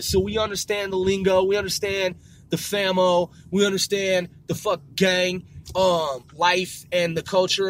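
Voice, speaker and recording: A man's voice: high voice, a bit bright. A man ranting in a rambling casual monologue, profane and full of street slang, circling back and repeating himself. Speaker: vlogger.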